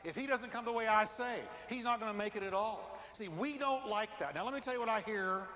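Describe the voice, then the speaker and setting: A man's voice: high voice, brisk. A man preaching a sermon, emphatic and repetitive, building his lines for stress. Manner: emphatic, repeats lines for stress, rising to shouts. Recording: reverberant hall with faint ambience.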